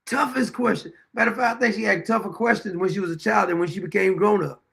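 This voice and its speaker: A man's voice: high-pitched, fast, vocal fry, a bit bright. A man in his fifties hosting a show, telling folksy anecdotes in a casual monologue, chuckling often and repeating phrases for emphasis. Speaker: show host.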